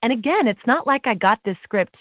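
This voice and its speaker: Animated woman telling announcer stories. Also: on the high side, a little fast, dry recording. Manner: animated, acts out quotes, laughs often. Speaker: guest, live awards show announcer. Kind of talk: casual interview storytelling. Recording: dull dry podcast audio.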